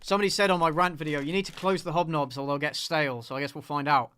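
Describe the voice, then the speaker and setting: Exasperated man ranting, smooth voice. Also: fairly high pitch, fairly even intonation, fast, fairly bright tone, dry recording. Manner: exasperated, swears freely, repeats himself while ranting. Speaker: film reviewer and host. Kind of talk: casual live commentary over a played clip.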